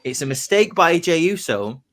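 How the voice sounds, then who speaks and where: A man on a casual podcast, telling his predicted wrestling storyline like excited play-by-play. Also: on the high side, normal speed. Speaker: podcast host.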